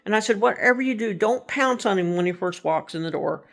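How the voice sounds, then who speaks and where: Rambling woman telling a ghost story, gravelly. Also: mid-range voice, lively intonation, fairly quick. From Texas. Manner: rambling, self-correcting, conversational. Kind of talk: casual spoken storytelling.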